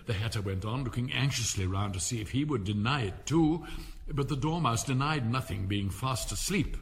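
A man reading a storybook aloud as narrator, telling it in an expressive, animated way. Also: mid-range voice, fairly quick.

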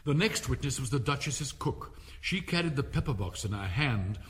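A man reading a storybook aloud as narrator, telling it in an expressive, animated way. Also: mid-range voice, normal speed.

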